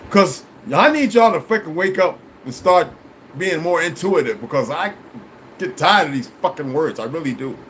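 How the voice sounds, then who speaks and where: Male streamer, slightly high voice, blunt and profane, preachy rambling delivery. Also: a bit bright, a little hiss or hum, low-quality recording. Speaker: livestream host talking to viewers. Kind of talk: rambling casual livestream chat.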